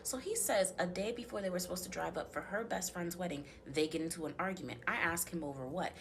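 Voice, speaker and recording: A woman with a fairly low voice recounts a bad date in casual storytelling. She is blunt and profane and tells it dramatically. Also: quick pace, background noise. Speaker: storyteller in clip.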